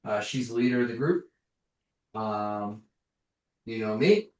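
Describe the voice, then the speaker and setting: A man's voice: lowish voice, lightly acted. A man voicing a friendly female guard captain in a tabletop game, introducing people with many halts and fillers. The recording is roomy, with the mic at a distance. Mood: brisk. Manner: halting, filler-heavy introductions.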